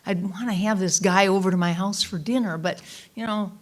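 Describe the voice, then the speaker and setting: An eager, nervous man, hesitant and questioning himself, in a story within a sermon, as a woman minister puts him on. The voice stays at an ordinary middle pitch. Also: fairly even intonation, fairly quick, lightly acted. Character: eager, nervous man hoping to host a guest.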